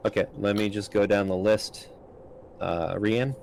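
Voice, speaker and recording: Low-voiced man running a tabletop game. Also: fairly even intonation, measured pace, creaky, darkish tone, slight background noise, low-quality recording. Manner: casual, with frequent ums and likes. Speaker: game master.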